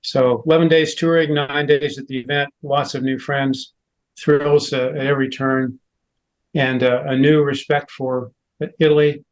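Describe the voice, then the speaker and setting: A man's voice: medium pitch, poor audio. Enthusiastic man giving a club slide talk. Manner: enthusiastic storyteller with frequent "uh" fillers. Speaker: club presenter.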